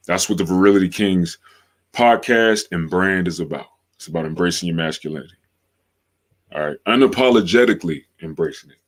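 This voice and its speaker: Man, low deep voice, podcast host, casual livestream talk, slangy, repeats himself. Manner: slangy, drawn-out, repeats phrases for emphasis.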